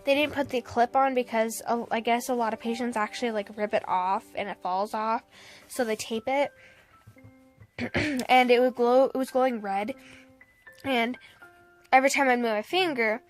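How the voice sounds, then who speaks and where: A woman's voice: on the high side, moderate pace, pauses often, faint music behind. Chatty young woman with laughs. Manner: animated, laughs often, quotes people. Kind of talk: casual storytelling vlog.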